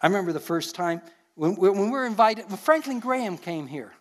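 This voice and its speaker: A man's voice: high-pitched, expressive, brisk. An older man with a Canadian accent, a pastor preaching a sermon and telling stories from his life in an earnest way, chuckling at himself now and then.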